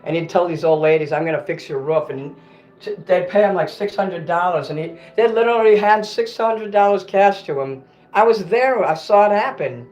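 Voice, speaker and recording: A man's voice: high-pitched, normal speed, a little mellow, highs cut off. A man on a casual livestream, ranting bitterly and cursing, often stopping to correct himself. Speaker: livestream host.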